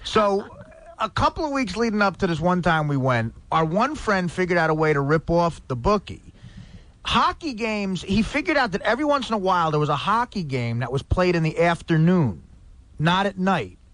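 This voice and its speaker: Storyteller guy, lively pitch, lots of restarts, talk radio regular. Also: normal speed, no room sound. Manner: animated, laughing, stammering restarts. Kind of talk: comic storytelling.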